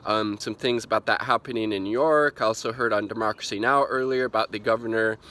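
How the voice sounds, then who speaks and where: A man's voice: lowish voice, steady tone, fast talker, pushed and bright. Exasperated, cursing man ranting. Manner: exasperated, profane, rambling with many fillers. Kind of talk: ranting video commentary.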